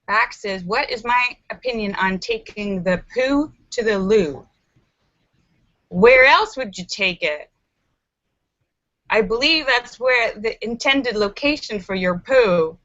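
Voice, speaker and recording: Woman host, bright forceful tone, unhurried delivery, chatty and giggly; muffled lo-fi laptop audio. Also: on the high side. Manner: chatty and animated, giggles often. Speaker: live-stream host reading viewer comments. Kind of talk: casual live-stream chat. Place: room at home by a window. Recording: slightly muffled lo-fi.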